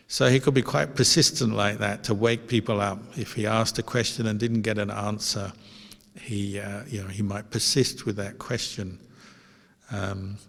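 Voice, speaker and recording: Male monk, low and gentle, unhurried storytelling teacher; reverberant hall sound. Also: vocal fry. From Australia. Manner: calm, gentle anecdotal telling with fillers. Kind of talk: dharma talk storytelling.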